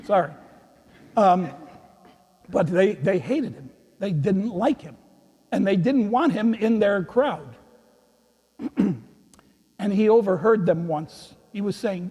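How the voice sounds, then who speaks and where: High, mellow-voiced priest telling children a story. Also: male voice, animated, slow pace, pauses often, husky. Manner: gentle, storytelling to children, chuckling. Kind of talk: children's sermon. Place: large church. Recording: echoey church hall.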